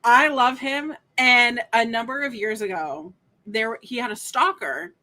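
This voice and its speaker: A woman, a podcast guest, chatting casually and telling animated stories with swearing and frequent laughter. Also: on the high side, unhurried. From United States. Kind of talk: casual chat.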